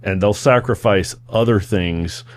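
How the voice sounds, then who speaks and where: A man hosting a casual interview podcast, calm and reflective, offering brief affirmations as he listens. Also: lowish voice, unhurried. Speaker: podcast host.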